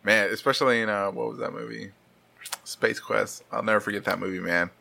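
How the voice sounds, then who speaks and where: A man's voice: on the low side, brisk, vocal fry. A man in his thirties hosting a podcast, chatting casually, swearing often and laughing as he tells stories. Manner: swearing, laughing, animated storyteller. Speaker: podcast host. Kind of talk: casual chat.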